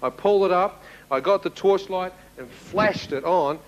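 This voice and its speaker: A middle-aged man giving a testimony, retelling events vividly with sudden shouts and chuckles. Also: sits high, moderate pace, muffled recording. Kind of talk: dramatic storytelling to an audience.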